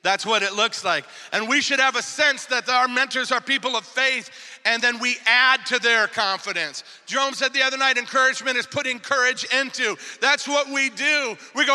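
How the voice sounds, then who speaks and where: A man preaching a sermon as pastor, telling stories and swinging from shouted calls to quiet asides. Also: very high voice, normal speed, long reverb tail.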